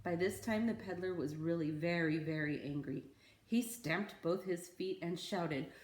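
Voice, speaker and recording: A woman reading a picture book aloud to children, expressive with dramatic pauses. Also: on the low side, roomy sound. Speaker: children's story reader.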